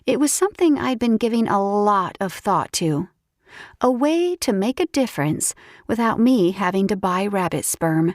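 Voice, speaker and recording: A woman narrating a first-person romance audiobook with lively, expressive storytelling. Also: fairly low pitch, moderate pace, no room sound, clean studio sound.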